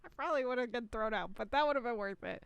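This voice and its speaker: A woman's voice: on the high side, expressive, very fast, gravelly, dull audio, heavy background noise. A young woman co-hosting a podcast, telling a story casually, swearing freely and laughing as she goes. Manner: swears often, laughs through stories. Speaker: podcast co-host. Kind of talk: casual chat.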